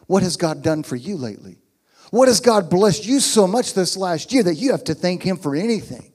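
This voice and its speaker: A man's voice: high-pitched, animated, moderate pace, darkish tone, husky. A man voicing a boastful rival wife who mocks a childless woman, acted out in a sermon. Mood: mocking. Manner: mocking, boastful.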